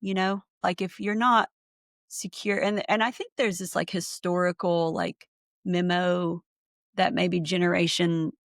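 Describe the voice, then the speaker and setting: A woman's voice: lowish voice, steady tone, measured pace, dry recording, studio quality. A woman hosting a casual podcast chat, thinking aloud with lots of fillers and enthusiasm. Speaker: podcast host, therapist. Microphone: remote call.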